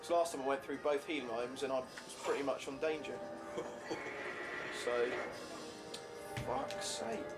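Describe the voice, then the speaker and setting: A man's voice: mid-range voice, fairly even intonation, brisk, long pauses, poor audio. A man casually commentating on his own gameplay, swearing now and then at setbacks. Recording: game music under the voice.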